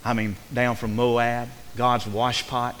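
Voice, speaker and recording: A male pastor preaching a sermon in a church sanctuary, swinging from fervent, emphatic passages down to soft, quiet ones. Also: medium pitch, little pitch movement, takes it slowly. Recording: reverberant hall with faint hiss.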